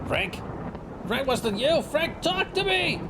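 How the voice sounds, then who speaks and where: A man voicing a furious, unhinged male outlaw in a horror game, with frantic shouting. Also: fairly high pitch, big pitch swings, normal speed, creaky, background noise.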